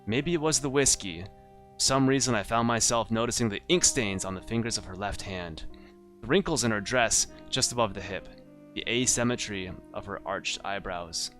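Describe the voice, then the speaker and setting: A man voicing a gruff, wry noir private detective with a put-on Southern US drawl. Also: lowish voice, normal speed, fairly bright tone, soft background music, natural voice. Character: tough hard-drinking noir private detective.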